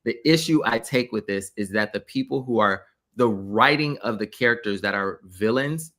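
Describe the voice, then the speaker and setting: A man's voice: on the low side, moderate pace, a bit bright. Man co-hosting, emphatic and repetitive. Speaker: podcast co-host. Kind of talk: casual review chat.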